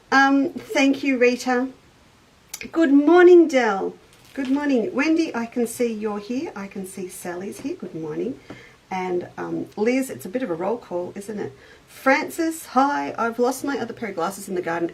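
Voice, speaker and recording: A woman's voice: medium pitch, slight background noise, rough recording. A middle-aged woman hosting a casual live sewing chat, greeting viewers by name as she goes. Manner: chatty, greets viewers by name, eats on air. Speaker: shop owner and livestream host.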